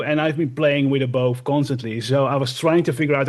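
A man co-hosting a casual podcast, telling game stories in a rambling, animated way with lots of fillers. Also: mid-range voice, a little fast, hardly any pauses. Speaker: podcast co-host and streamer. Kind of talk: casual chat.

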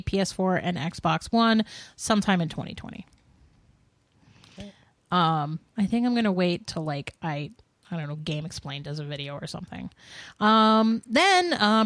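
A woman's voice: medium pitch, a bit bright, no echo. Woman, podcast co-host, chatty, filler-heavy, casual gaming chat, dry close mic.

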